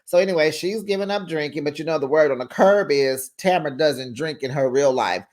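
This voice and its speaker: A woman runs through a reality TV episode in casual, sassy commentary. Her fairly low voice swoops up and down with lively pitch, and she keeps talking straight to her viewers. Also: a little fast. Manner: sassy, animated, talks straight to viewers with slang like "child" and "honey". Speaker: reality TV recap host.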